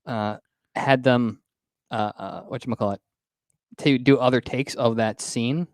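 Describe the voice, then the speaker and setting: A man co-hosting a casual podcast chat, speaking haltingly as he searches for words and chimes in. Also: mid-range voice, fairly even intonation, dry recording, clean studio sound. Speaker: podcast co-host.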